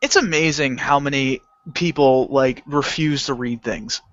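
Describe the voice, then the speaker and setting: A man on a podcast telling a work story in casual chat, animated, swearing often and acting out his customers. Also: mid-range voice, a little slow, no room sound. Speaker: podcast co-host. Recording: dull lo-fi home recording.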